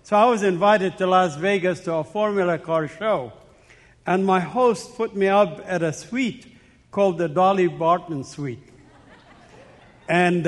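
A man from the Middle East speaking as guest preacher in a church, earnest and personal, telling stories and chuckling between points. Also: sits high. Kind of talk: sermon with anecdotes. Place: church sanctuary. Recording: long church hall reverb.

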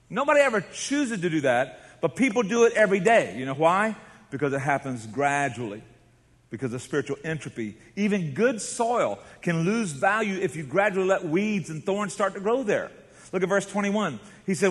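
A man preaches from the pulpit, his voice sitting a little high for a man. He tells stories with drama, dropping to a hush and then rising to a shout, while a long reverb trails off in a large church hall. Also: animated, moderate pace. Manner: dramatic storytelling, swings from hushed to shouting. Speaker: pastor. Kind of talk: sermon.

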